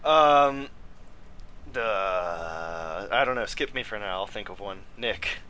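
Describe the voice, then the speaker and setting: A man hosting a podcast, steering the chat with quick teasing banter. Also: fairly low pitch, animated, bright, forceful tone. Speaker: podcast host. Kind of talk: casual chat.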